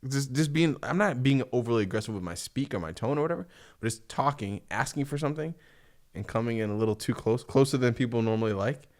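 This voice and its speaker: A man from the East Coast, a podcast guest, talking in relaxed, reflective casual chat with casual slang. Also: medium pitch, quick pace. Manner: relaxed, reflective, says dope and tight.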